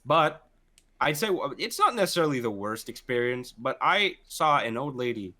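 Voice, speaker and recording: A man co-hosts a casual podcast in a very animated, medium-pitched voice that's pushed and bright, at normal speed. He rambles through work stories, swearing often and restarting his sentences.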